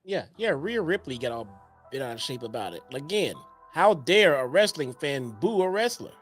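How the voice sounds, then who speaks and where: A man's voice: fairly high pitch, expressive, moderate pace, faint music behind. A man co-hosting a casual wrestling review show, reacting with incredulous, exasperated remarks. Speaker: podcast co-host.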